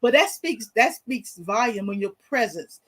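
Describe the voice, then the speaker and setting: A woman's voice: on the high side, big pitch swings, a little slow, a bit bright. A woman co-hosting a casual talk show, speaking in a conversational, reflective way. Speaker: co-host. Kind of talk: casual chat.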